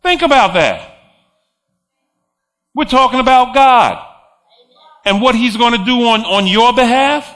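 A man's voice: very high-pitched, very animated, a little slow, pauses often, a bit bright. A man preaching a sermon, emphatic, repeating phrases and chuckling between points.

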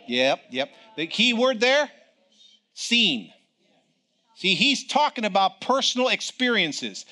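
Bright-toned storytelling preacher man in his sixties. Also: sits high. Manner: storytelling preacher, swings from loud to hushed. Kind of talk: sermon.

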